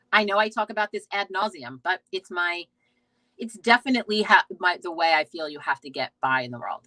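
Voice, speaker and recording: A woman with a bright, forceful voice hosts a casual live stream. She rambles from thought to thought, swears freely and keeps restarting her sentences. The sound is dry and close. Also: fairly low pitch, dry recording, low-quality recording. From United States. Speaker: host of a witchcraft talk stream. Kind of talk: casual live-stream chat, reading viewer comments.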